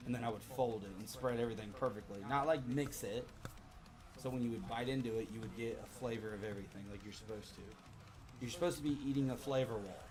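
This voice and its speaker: A man in his thirties hosting a livestream, telling a story in a loose, profane, animated way. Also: on the low side. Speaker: livestream host. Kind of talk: casual storytelling to a live chat.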